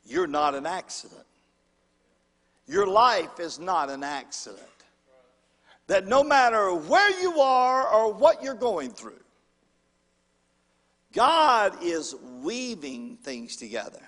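A male pastor preaching a sermon, calling for amens and swinging between loud and hushed delivery. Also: high-pitched, very animated, takes it slowly, pauses often. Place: church sanctuary. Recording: long hall reverb.

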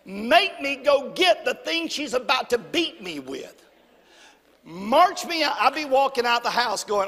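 Southern man, preacher, folksy animated storytelling, high voice, long hall reverb. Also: normal speed. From Alabama. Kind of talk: storytelling sermon.

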